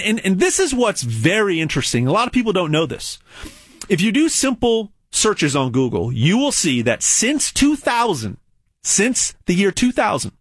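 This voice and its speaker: A man with a husky edge to his voice drives a hard sales pitch, repeating words to hammer each point. His pitch swoops up and down as he mocks and warns. The sound is dry and close, with no room around it. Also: no echo. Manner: animated and repetitive, stacking phrases for emphasis; blunt and mocking. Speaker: gold investment salesman. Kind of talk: emphatic sales pitch monologue.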